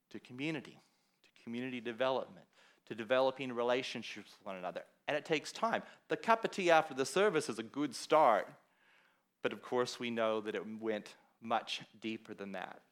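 A pastor from Australia preaching a conversational sermon in a church hall, telling stories and acting out what other people said. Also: male voice, medium pitch. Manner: conversational storytelling, quoting others with animated voice.

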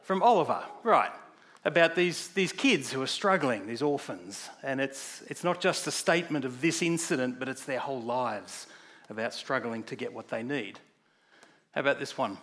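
A man's voice: mid-range voice, lively intonation, moderate pace, a bit bright. A man preaching a sermon in a conversational way, putting questions to the congregation.

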